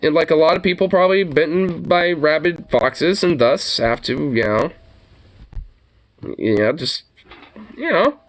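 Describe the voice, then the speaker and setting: Man, high and animated voice, profane rambling reaction streamer. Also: a little slow, long pauses. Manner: profane, rambling rants with laughter. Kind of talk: casual reaction commentary.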